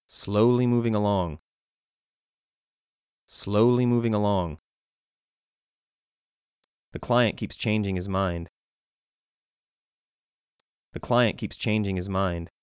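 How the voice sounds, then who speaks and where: A man reading his side of a scripted practice dialogue in a slow, deliberate, plain way. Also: on the low side, a little mellow, clear, resonant tone, no room sound, studio quality.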